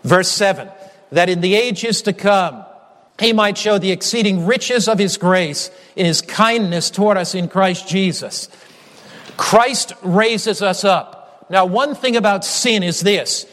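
A man's voice: sits high, unhurried, fairly bright tone. A man preaching a sermon in an earnest, emphatic way, building his points through repetition. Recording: long hall reverb.

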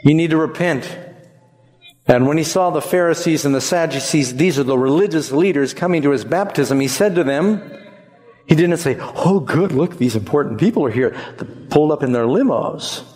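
A man preaching a sermon in an animated, conversational way, jumping up in pitch for emphasis. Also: moderate pace, big-room sound.

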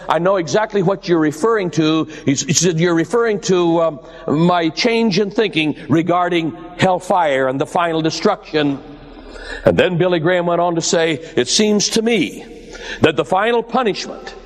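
A man preaching a sermon with dramatic swings of pitch and emphasis, calling his listeners "my dears.". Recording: long hall reverb.

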